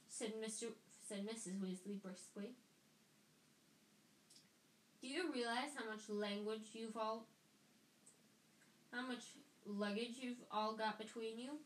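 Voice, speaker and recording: A woman's voice: fairly high pitch, unhurried, a bit bright. Woman reading aloud in an echoey room. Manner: reads with frequent stumbles and restarts. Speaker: reader. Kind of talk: amateur audiobook reading. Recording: echoey room with faint noise.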